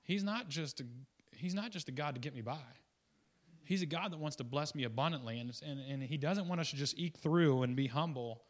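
Speaking fairly quickly, this man gives a casual sermon as a guest preacher. His delivery meanders with restarts and side comments, shifting between excited loud moments and hushed, low asides.

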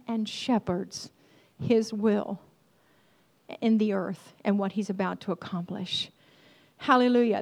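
A woman preaching a sermon, calling out to the congregation and rising to loud, fervent peaks. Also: high-pitched. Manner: call-and-response, swelling to loud fervent peaks.

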